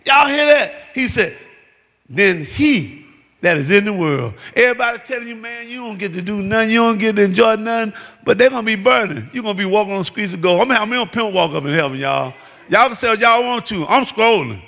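A man preaches with a gravelly, bright edge to his fairly high voice. He shouts and works the congregation in an exuberant sermon. His words ring out in a church hall with long reverb. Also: expressive, fairly quick. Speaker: pastor. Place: church sanctuary.

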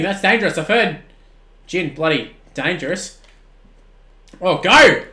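An Australian man in his twenties streaming a football video game, shouting at the plays and then chatting casually with viewers. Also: high-pitched, measured pace, long pauses, roomy sound. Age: 20s. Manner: excitable, swings from shouting at the game to relaxed chat. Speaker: gaming streamer. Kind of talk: live-stream commentary and chat replies.

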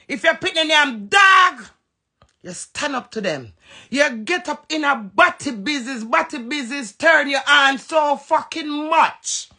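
Ranting Jamaican woman, high gravelly voice. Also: animated, pushed and bright. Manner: heated, profane, fast-switching rant. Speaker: live-stream host. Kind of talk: ranting live stream. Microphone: phone.

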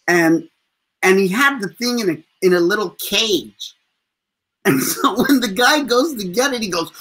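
An American street performer in his fifties, appearing as a guest in a casual storytelling interview, speaks in a high-pitched, slightly rough voice at a somewhat slow pace. He's animated and profane, telling stories and laughing often.

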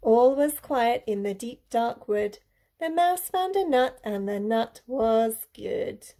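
A woman primary school teacher reading a picture book aloud in an expressive, rhythmic way. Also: fairly high pitch, slow.

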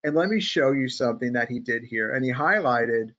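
A man hosting a casual trading podcast, talking in an animated, sarcastic, ranting way. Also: mid-range voice, fairly quick, lo-fi sound. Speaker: podcast host.

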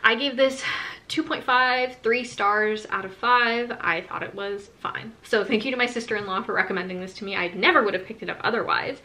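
A woman's voice: medium pitch, pushed and bright. A woman giving a candid, chatty book review to camera, often breaking into laughter. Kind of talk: casual spoken book review.

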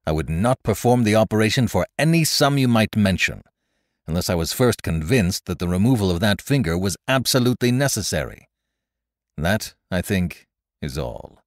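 A man's voice: fairly low pitch, very animated, moderate pace, no echo, studio quality. A man voicing a stern, blunt surgeon. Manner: clipped, blunt and emphatic. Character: stern middle-aged male surgeon, blunt and severe.

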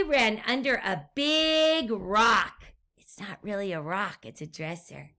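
Slow, bright-voiced woman reading to kids. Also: medium pitch. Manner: gentle, slow, questions to the listener. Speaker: teacher. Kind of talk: reading aloud to young children.

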